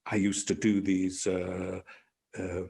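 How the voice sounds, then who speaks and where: A man's voice: low voice, completely flat delivery, takes it slowly, creaky, dark tone. An older British man, a podcast guest, telling dry anecdotes in conversation, hesitant and full of restarts. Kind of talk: casual conversation.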